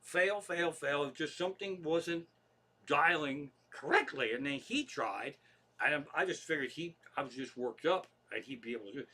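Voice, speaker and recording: Middle-aged man, Pennsylvania accent, somewhat high voice, bright and forceful, rambling profane comic storytelling. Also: normal speed, breathy edge. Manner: profane, chatty, loose asides. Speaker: comedian hosting a livestream. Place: living room.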